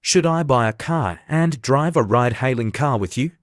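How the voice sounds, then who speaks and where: A man reading as a young flight attendant in a recap story, loyal and earnest toward her boyfriend. The delivery is dry and close, at the reader's own middling pitch, with no put-on female voice. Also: animated, normal speed, no room sound, natural voice.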